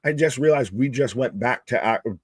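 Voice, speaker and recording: A man's voice: medium pitch, moderate pace. A man co-hosting a live wrestling watch-along, joking around, laughing and swearing freely. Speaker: co-host.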